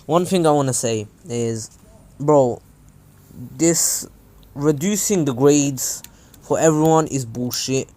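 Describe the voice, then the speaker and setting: Young man, YouTuber, casual fan story, slangy, animated, earphone mic. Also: medium pitch, slow. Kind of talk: casual fan-fiction narration.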